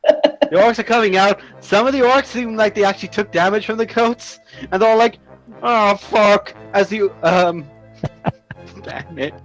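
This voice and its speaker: A man narrates a tabletop game as its game master, pitched high and full of swearing and laughter. Faint music plays behind him. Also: moderate pace, low-quality recording. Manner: laughing, profane, animated storytelling.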